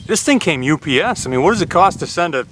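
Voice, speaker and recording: Brief: folksy vlog host, man, slightly high voice, bright and forceful tone, plain-spoken. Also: expressive, fast talker, slight background noise. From Upper Michigan. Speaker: YouTube host reviewing an axe. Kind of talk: casual vlog talk.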